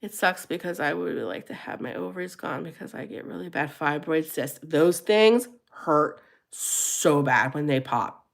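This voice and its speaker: A middle-aged woman hosting a casual livestream chat, animated and laughing often, going high and squealy when she quotes herself. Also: normal speed, vocal fry. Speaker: livestream host.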